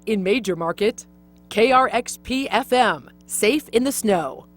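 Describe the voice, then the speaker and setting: A woman's voice: fairly high pitch, a little slow, music in the background. A woman presenting awards, formally reading out categories and winners. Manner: even, formal announcing.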